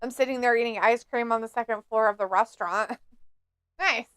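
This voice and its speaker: A woman's voice: on the high side, fairly quick, a bit bright, clean tone, no room sound, studio quality. A woman co-hosting a live watch-along stream in casual chat, laughing often, swearing freely and reading viewer comments aloud.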